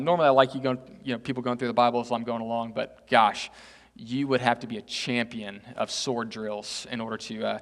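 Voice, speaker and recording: A male pastor from Texas giving a chatty, self-mocking sermon, often tossing "right?" to the congregation. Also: medium pitch. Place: church sanctuary. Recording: echoey church hall.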